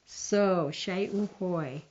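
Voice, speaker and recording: An older woman, a tribal elder, telling a traditional story in an unhurried way and raising her voice for the characters. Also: fairly low pitch, darkish tone. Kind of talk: oral storytelling. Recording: dull lo-fi recording.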